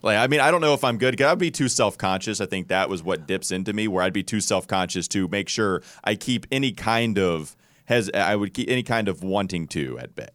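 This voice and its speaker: A man from North Carolina hosting a sports podcast, talking casually in an animated, rambling way. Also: lowish voice, brisk, no room sound. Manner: animated, rambling, self-interrupting. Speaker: podcast host.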